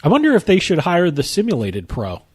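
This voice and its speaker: A man with a New Jersey accent co-hosting a sports podcast, reacting and asking quick, jokey questions. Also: high-pitched, wildly swooping pitch, darkish tone, slightly rough. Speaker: podcast co-host. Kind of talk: casual sports chat.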